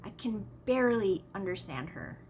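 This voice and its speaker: A woman's voice: medium pitch, very animated, normal speed, a little mellow, slight background noise. A woman vlogger telling a rambling, exasperated story in a casual way, often repeating herself.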